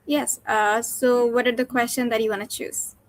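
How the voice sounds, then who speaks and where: A woman teacher giving instructions and questions in an oral exam, clear and guiding. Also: fairly high pitch, little pitch movement, moderate pace. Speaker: teacher examining a student.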